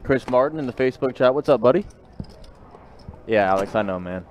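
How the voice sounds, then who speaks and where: A man's voice: mid-range voice, expressive, brisk, darkish tone, highs cut off, a little hiss or hum. A man commentating a live poker stream in casual chat, talking in a glum, repetitive, rueful way. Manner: glum, repetitive, rueful about a sports loss.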